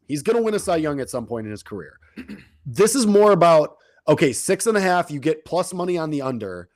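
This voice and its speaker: Fast-chatting man on a dry mic. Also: a little high, dry recording. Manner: talks fast with frequent restarts and fillers. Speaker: sports betting co-host. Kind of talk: casual podcast chat.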